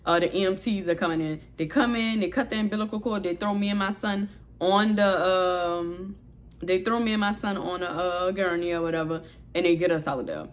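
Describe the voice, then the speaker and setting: A woman's voice: on the low side, fairly quick. New woman telling her story. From New Orleans, USA. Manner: candid, expressive retelling, heavy use of "like". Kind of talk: storytime vlog.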